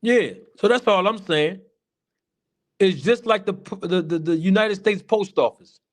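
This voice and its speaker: A man's voice: sits high, unhurried. A man giving casual livestream commentary, chatty and repetitive, talking to his chat viewers. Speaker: boxing commentary streamer.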